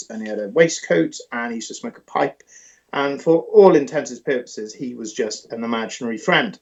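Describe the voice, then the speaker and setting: British male author-investigator, mid-pitched, animated storyteller, muffled recording. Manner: animated, rambling with restarts. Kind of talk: interview storytelling.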